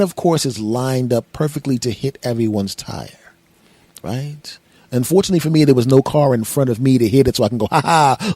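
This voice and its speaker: A man's voice: medium pitch, mellow, no room sound. Rambling comedic man from Philadelphia. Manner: rambling, self-mocking storyteller with voiced asides. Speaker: podcast host. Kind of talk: comedic monologue.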